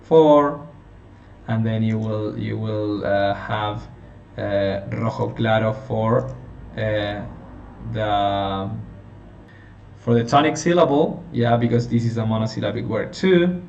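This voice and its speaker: A man teaching a phonetics lesson, explaining slowly and checking in with his listeners. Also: fairly low pitch, vocal fry, a little mellow. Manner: slow, explanatory, checking in with "okay?". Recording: roomy, distant, dull lo-fi sound with faint hiss.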